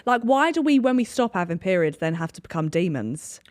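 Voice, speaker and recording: Young woman, podcast host, gossipy and laughing, slightly low voice, dry close sound. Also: big pitch swings, brisk, no room sound. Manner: chatty, laughs often, upbeat gossiping. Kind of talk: casual chat.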